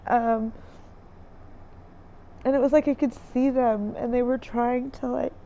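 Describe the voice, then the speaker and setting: Woman vlogger, warm gravelly tone, rambling and filler-heavy, slightly muffled home recording. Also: fairly high pitch, steady tone, measured pace. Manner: rambling, searching for words, many fillers. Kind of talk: casual diary-style recap. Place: dim room indoors by a window with trees outside.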